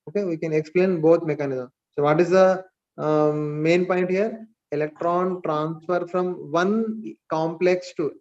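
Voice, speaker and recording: Repetitive Indian English chemistry lecturer. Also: male voice, a little high. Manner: repeats key phrases, asks and answers own questions. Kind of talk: live online lecture. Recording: dull lo-fi stream audio.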